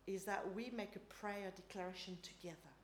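A woman preaching and then leading a group in prayer, earnest and unhurried, sometimes dropping to a soft prayerful voice. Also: mid-range voice, a little hiss or hum. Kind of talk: sermon and guided prayer. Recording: echoey room with faint ambience.

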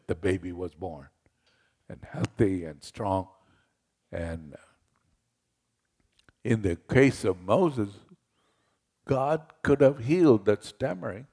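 A male pastor delivers a conversational sermon, retelling scripture in plain everyday words. He speaks slowly and deliberately, with a gravelly, creaky tone. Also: fairly low pitch, darkish tone.

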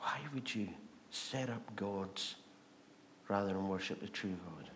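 A man with a Scottish accent preaching a sermon, animated and asking the congregation rhetorical questions. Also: fairly low pitch, unhurried, slight background noise. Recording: long reverb of a large hall.

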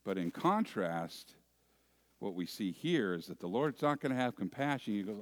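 A man preaching a sermon as pastor, deliberate and asking his congregation rhetorical questions. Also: fairly low pitch, sing-song.

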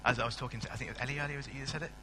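A man's voice: medium pitch, fairly even intonation, rapid-fire, pushed and bright, slight background noise. A man preaching a sermon in a church hall on a stand mic, chatty and self-mocking as he tells stories. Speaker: pastor.

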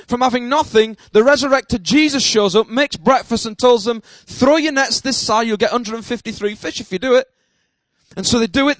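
A man preaching a sermon at a church service, emphatic, with repeated amens and bursts of shouting. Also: extremely high pitch, no echo. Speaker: pastor.

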